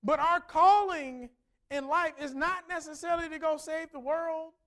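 Preacher, livestream message; high voice, earnest, conversational, stumbles into repeats. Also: steady tone, normal speed, fairly bright tone. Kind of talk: livestreamed sermon-style storytelling.

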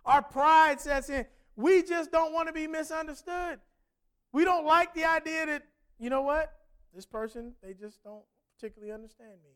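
Preaching in an easy, conversational style, this very high-voiced man keeps asking his congregation rhetorical questions, one after another, at a moderate pace.

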